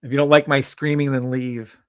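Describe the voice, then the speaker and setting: A man hosting a live trading stream, loud and hyped, cursing freely and dropping from shouts to mutters. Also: medium pitch, little pitch movement, fairly quick, smooth, no room sound.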